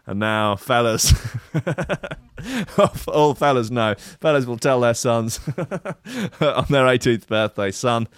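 A man's voice: medium pitch, lively intonation, slow, pauses often, clear, resonant tone, dry recording. Giggly man riffing on news. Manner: wry, giggly, mocking asides. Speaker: podcast host. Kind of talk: comedic news-reading chat.

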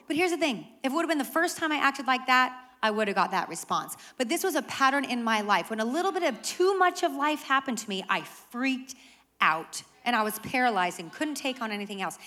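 A woman pastor preaching a sermon to a live congregation, animated and conversational with self-deprecating humor. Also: sits high, brisk. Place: church service with live audience.

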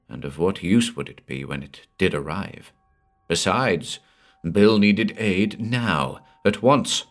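Slow, deep-voiced male horror narrator. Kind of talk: dramatic audiobook narration.

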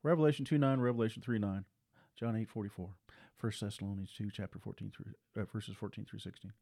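A man preaching a sermon with forceful repetition, his voice climbing higher and louder as he presses his points. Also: steady tone, fast, vocal fry.

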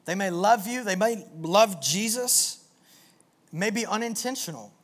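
A man preaching a sermon to a live audience in an animated, energetic way, with call-and-response. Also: sits high, a little slow. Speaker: pastor.

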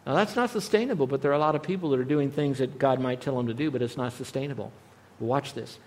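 A man giving a radio Bible teaching in an earnest, conversational way, often dropping to a softer voice. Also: mid-range voice, fast talker. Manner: earnest, conversational, with frequent soft drops in volume.

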